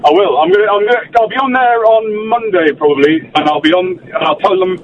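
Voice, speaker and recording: High-voiced male caller, muffled and distant. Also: brisk. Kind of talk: phone-in chat. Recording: distant muffled phone line with noise.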